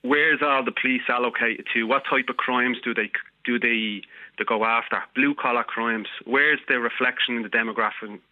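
A man's voice: mid-range voice, fairly even intonation, moderate pace, no echo. A man with a broad Dublin working-class accent argues his point over a thin, tinny phone line. He keeps pressing and cutting back in, repeating himself to hold the floor, and the sound is dry and close. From Ireland. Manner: insistent, talks over the host, repeats phrases. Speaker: radio caller. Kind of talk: heated phone-in argument.

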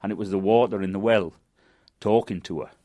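An older man with a Manchester accent telling a folk tale in a lively, dramatic way. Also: fairly low pitch, fairly quick. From England. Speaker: storyteller and guide. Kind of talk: folk storytelling.

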